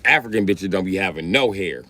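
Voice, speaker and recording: A man livestreaming a crude comedy rant, loud and mocking, laughing often. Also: low voice, expressive, a little fast, a little hiss or hum.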